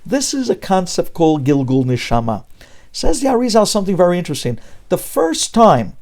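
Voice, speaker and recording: A man's voice: high voice, big pitch swings, a little fast, darkish tone. A man giving a Torah sermon as a rabbi, preaching emphatically with rhetorical questions and mixing Hebrew terms into English.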